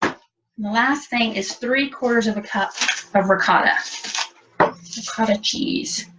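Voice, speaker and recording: A woman's voice: fairly high pitch, moderate pace, background noise. A woman teaching a cooking demonstration, chatty and explaining step by step. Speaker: cooking instructor. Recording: dull lo-fi audio from a distance.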